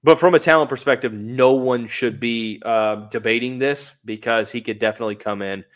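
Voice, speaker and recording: A man's voice: medium pitch, moderate pace. A man hosting a live sports podcast, giving analysis in a conversational way and thinking aloud with hedges. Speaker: podcast host.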